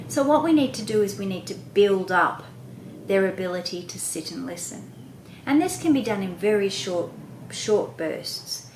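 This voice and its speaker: A woman hosting a lesson for parents on reading aloud, expressive and demonstrative, with a voice that moves around a lot. Her voice sits at an ordinary middle pitch. It was recorded in an echoey room with a faint hiss underneath. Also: normal speed. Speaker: host, reading coach for parents. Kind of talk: instructional talk to parents.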